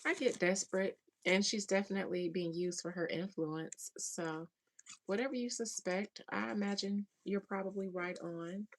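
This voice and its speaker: A woman hosting a casual livestream chat, reading viewer comments, slangy and animated, laughing often. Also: mid-range voice, normal speed.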